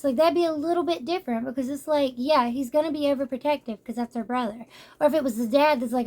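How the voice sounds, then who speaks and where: A young woman giving a casual, animated manga review, exasperated and slangy. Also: high voice, fast talker. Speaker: book reviewer.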